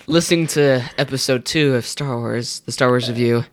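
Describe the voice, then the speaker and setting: A teenage male co-host, teasing and joking in casual chat. His voice has a gravelly creak, and the recording is dry and close. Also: medium pitch, no echo. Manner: teasing, quick joking remarks. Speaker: podcast co-host.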